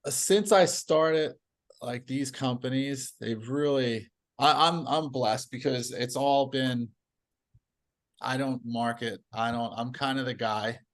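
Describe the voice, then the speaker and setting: A man telling stories as a podcast guest in casual conversation, animated and laughing often. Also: medium pitch, slow.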